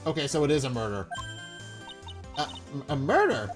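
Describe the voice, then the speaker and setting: A man hosting a let's-play, reading a courtroom game aloud in a wry, low-key, chatty way. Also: huge pitch swings, moderate pace, pauses often, faint music behind.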